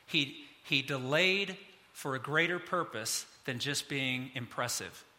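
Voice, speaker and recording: A middle-aged man preaching a sermon as pastor, animated, his voice climbing high when he gets excited. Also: slow, long reverb tail.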